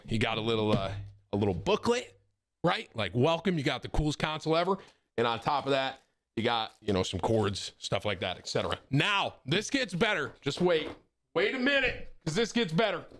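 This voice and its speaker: A young adult man with a mid-range voice, excitably showing off a gadget to his viewers. He keeps things casual with lots of "bro" and "right?", recorded on a desk microphone at his indoor setup. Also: medium pitch. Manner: excitable, says "bro" a lot. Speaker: streamer unboxing a console. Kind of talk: hyped casual unboxing chat. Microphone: studio desk microphone.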